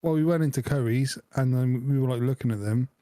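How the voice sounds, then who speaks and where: A man's voice: mid-range voice, a little fast, dark tone, no echo. Joking man, dry close sound. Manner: jokey, laughs often, acts out voices in anecdotes. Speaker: podcast co-host. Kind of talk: casual chat.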